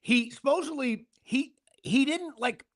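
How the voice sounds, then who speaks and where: A man co-hosting a sports talk show, telling animated stories and doing announcer impressions. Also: very high voice, unhurried. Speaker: podcast co-host. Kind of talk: casual sports chat.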